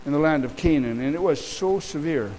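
Male pastor, high voice, impassioned sermon delivery, repetitive declarations. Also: lively intonation, fairly quick, darkish tone, slight background noise, poor audio. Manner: impassioned preaching with repeated declarations.

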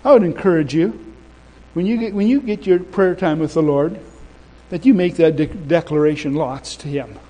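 Heard on a low-quality recording, a man with a slightly high voice preaches at a normal speed. He's emphatic and repetitive, moving between loud and quiet stretches and chatting with the congregation along the way.

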